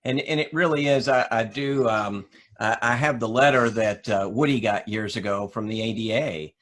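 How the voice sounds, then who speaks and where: A podcast host in a casual interview, relaxed, with frequent affirming backchannels. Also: male voice, mid-range voice, normal speed.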